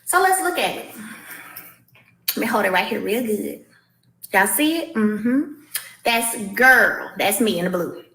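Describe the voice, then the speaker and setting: Responding to a castmate in casual vlog commentary, a woman reads messages aloud to her viewers, stressing and restating her points. She speaks at medium pitch with lively intonation, unhurried and with long pauses, her tone bright and forceful. The mic is distant and the room echoes.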